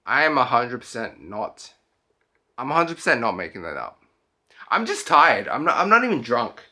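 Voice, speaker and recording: A man's voice: mid-range voice, wildly swooping pitch, moderate pace, pushed and bright. A young man, tipsy and tired, rambling through a casual late-night travel vlog and often breaking off and restarting. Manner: rambling, self-interrupting, loose speech. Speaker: travel vlogger.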